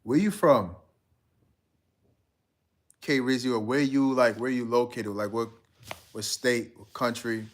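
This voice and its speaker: A man's voice: medium pitch, measured pace, long pauses. A man hosting a live stream, chatting casually and reading out viewer comments in a laid-back, slangy way. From United States.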